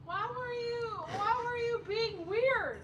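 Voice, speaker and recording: Very high-voiced woman with short replies. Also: takes it slowly, a bit bright, lo-fi sound. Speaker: wife of the host.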